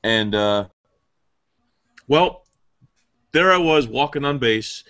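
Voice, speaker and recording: Podcast guy rambling through a crude story, swears a lot, middle pitch. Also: animated, slow, a bit bright. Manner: rambling, profane, laughs at own stories. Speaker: podcast host. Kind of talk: casual storytelling.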